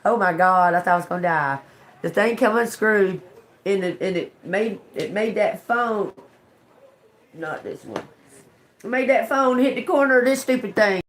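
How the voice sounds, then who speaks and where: Speaking into her phone from home, a woman who reads tarot rambles through a story on a casual live stream, swearing and laughing along the way. She has a mid-range voice at a moderate pace, with slight hiss or hum in the audio.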